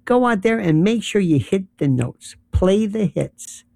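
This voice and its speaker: Gravelly sardonic male political commentator. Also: high voice, animated, a little slow, mellow, dry recording. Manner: sardonic, rambling, rattles off lists. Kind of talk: monologue commentary.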